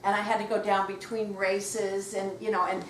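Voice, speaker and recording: Older lady swapping stories for a crowd at a book signing, lively, does little voices, roomy sound and mic kinda far off. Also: mid-range voice, normal speed. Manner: animated, acts out quoted voices, laughs while telling. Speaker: guest author at a book talk. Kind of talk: anecdotal storytelling to a live audience. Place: bookshop event room. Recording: roomy, distant mic, faint noise.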